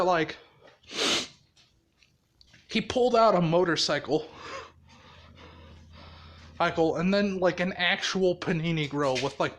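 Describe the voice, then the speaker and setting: A man's voice: sits high, a bit bright. A man casually telling a fan story, rambling and swearing, with frequent laughter. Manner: rambling, profane, laughs often.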